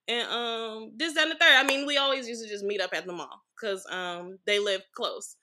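A woman's voice: medium pitch, normal speed, bright, forceful tone. A woman guest on a podcast, telling a personal story in a blunt, frank way and swearing freely.

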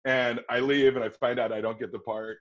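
A Wisconsin actor in his forties tells stories as a guest in a casual interview, speaking a little fast. He's an animated storyteller who acts out quotes in a high, excited voice, and the audio is dull and lo-fi.

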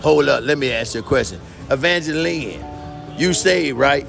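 In a comedy sketch, a man plays a brash, streetwise, defiant character who talks loud and boastful, full of slang, sounding incredulous. His mid-range voice is creaky and moves at a normal speed, with music in the background.

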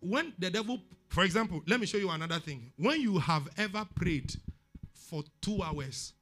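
A man's voice: sits high, animated, normal speed, a bit bright, soft background music. A man with a Ghanaian accent preaching a sermon, emphatic and repeating words for stress. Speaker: pastor.

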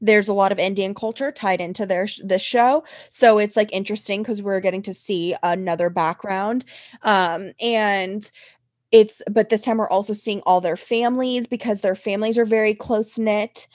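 A woman's voice: mid-range voice, steady tone, normal speed, a little mellow, dry recording. A young woman in her twenties talks in a casual, emphatic way and swears freely. She sounds like a podcast co-host chatting about reality TV. Her voice is dry and close, with no room around it. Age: 20s or early 30s.

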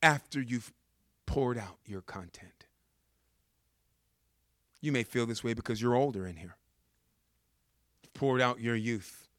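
A man's voice: mid-range voice, a little slow, pauses often, fairly bright tone, dry recording, clean studio sound. A man preaching a sermon, telling the story with humor and repeating words for emphasis.

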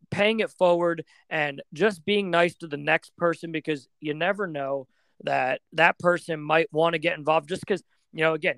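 Young American man, podcast guest; relaxed, filler-heavy storytelling, clear smooth tone on a dry close mic. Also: fairly high pitch, no echo. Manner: relaxed, rambling, many fillers. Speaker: podcast guest, floorball player. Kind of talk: casual storytelling.

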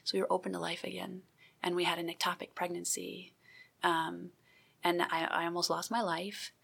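A woman guest giving an earnest personal testimony in an interview, halting with many restarts. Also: fairly low pitch, level tone, vocal fry, fairly bright tone, slightly rough.

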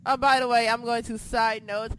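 A woman hosting a podcast, recapping in casual chat, excitable and profane, swinging between shouting and muttering. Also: fairly high pitch, normal speed, a little hiss or hum. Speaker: podcast host.

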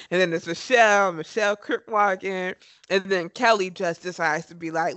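A woman's voice: lowish voice, moderate pace, fairly bright tone, no room sound. A woman co-hosting a podcast in casual chat, enthusiastic and emphatic as she gushes. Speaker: podcast co-host.

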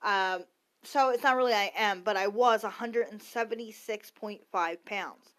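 A woman's voice: mid-range voice, moderate pace, fairly bright tone. A woman in her thirties hosting her own podcast, ranting casually and bluntly, swearing freely and wandering off into asides. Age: 30s. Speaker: podcast host. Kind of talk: casual opinion rant.

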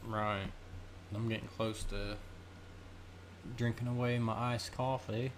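A man co-hosting a podcast in relaxed, profane casual chat, chuckling along. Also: lowish voice, slow, noisy background. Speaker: podcast co-host.

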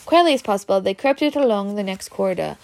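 A woman reading a children's story aloud in a steady way. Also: medium pitch, quick pace. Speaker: reader.

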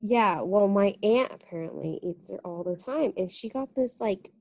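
A woman's voice: mid-range voice, lively intonation, normal speed, vocal fry, darkish tone, a little hiss or hum. A young woman co-hosting a podcast in casual chat, giggly and talkative, with lots of "like". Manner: chatty, giggly, heavy use of "like". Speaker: podcast co-host.

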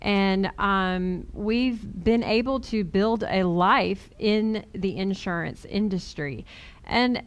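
A woman's voice: medium pitch, slow, clean tone. A middle-aged woman co-hosting a podcast, speaking earnestly and reflectively in casual conversation. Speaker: podcast co-host.

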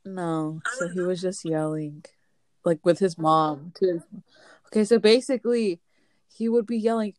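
A woman's voice: fairly low pitch, steady tone, a little slow, darkish tone, dry recording. A young woman in casual chat with friends, telling a rambling story and laughing often.

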